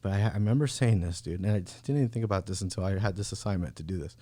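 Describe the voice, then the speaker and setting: A man's voice: low voice, racing, mellow. A man guesting on a podcast, telling a personal story in a casual, laid-back way, peppered with "bro" and "like". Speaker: podcast guest, real estate agent. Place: podcast studio.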